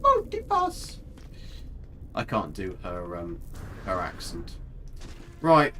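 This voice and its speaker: A man's voice: medium pitch, fairly bright tone, slight background noise. A man giving casual, chatty live commentary on a game, talking to his character and his viewers with mild swearing. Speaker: gaming streamer.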